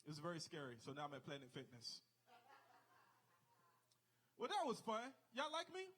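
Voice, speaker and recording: A man performs a stand-up set on a comedy club stage. His voice sits high for a man, and he tells his stories by jumping into the exaggerated voices of the people in them. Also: huge pitch swings, normal speed, fairly bright tone. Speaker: stand-up comic.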